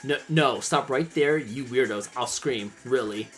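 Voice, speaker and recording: A man voicing a feisty, sharp-tongued young female adventurer in a game, defiant and scornful. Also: medium pitch, a little slow, faint music behind, lightly acted.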